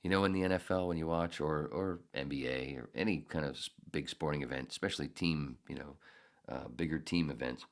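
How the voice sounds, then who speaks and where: A man with an extremely deep, low voice tells a story on his own podcast. He talks in a loose, profane way, full of sarcasm and loud outbursts where he acts out what was said. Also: brisk. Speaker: podcast host. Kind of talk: casual storytelling monologue.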